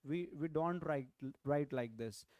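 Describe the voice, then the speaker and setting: Indian english guy teaching vocab, slightly high voice, keeps asking right?, dry close sound. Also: a little slow, darkish tone, no room sound. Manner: explanatory, repeats key phrases, checks in with "right?". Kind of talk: online exam-prep lecture.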